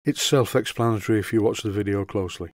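Older man, deadpan workshop narration, fairly low voice, dry close recording. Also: fast talker, dry recording. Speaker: model engineering video host.

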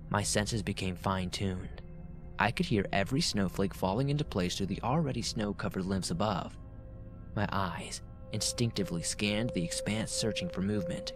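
A man narrating horror stories in a steady reading voice that drops to a hushed tone in tense parts. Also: lowish voice. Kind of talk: scripted horror story narration. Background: faint background music.

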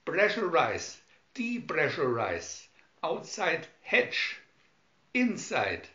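A man's voice: a little high, wildly swooping pitch, drawn-out words, bright, forceful tone, exaggerated voice. Pompous, cowardly doctor for a storybook, whining and theatrical; a man puts him on; roomy, muffled recording. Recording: echoey, dull home recording.

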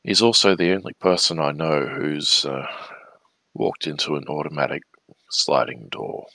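A man's voice: a bass voice, normal speed, gravelly, pushed and bright, no echo. A man hosting a livestream, telling anecdotes in a dry, wry way. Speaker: livestream host painting miniatures. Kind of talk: casual chat.

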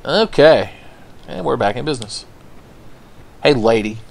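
A man's voice: medium pitch, lively intonation, a little slow, gravelly. A man hosting a let's play, giving crude, playful gameplay commentary full of swearing and jokes. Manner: crude joking, profane, playful.

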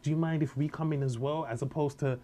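Fast-talking British man, animated storyteller. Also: on the high side. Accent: British English. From Nigeria. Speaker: comedian guest. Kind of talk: casual interview chat.

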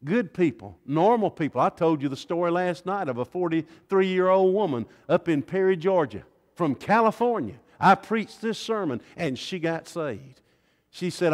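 A man preaching a revival sermon, swinging dramatically between hushed tones and loud cries. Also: on the high side, expressive, normal speed. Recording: long reverb in a large hall.

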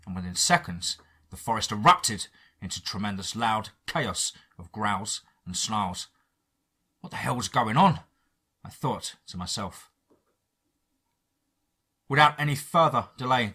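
Casting: breathy English man, bright edgy tone, first-person horror storyteller. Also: medium pitch. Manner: dramatic, shifting loudness, slow pauses. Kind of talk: dramatic horror narration.

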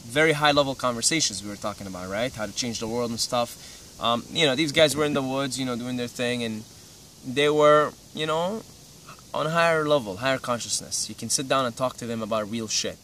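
A man's voice: medium pitch, a little fast, a bit bright. A young man from Syria giving casual advice in a laid-back, rambling way, full of "you know" and "right". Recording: slightly distant mic, faint ambient noise.

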